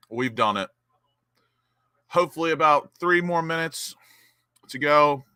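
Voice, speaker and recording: A young man hosting a live football watch-along, cheering as an excitable fan. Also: on the low side, smooth, no room sound.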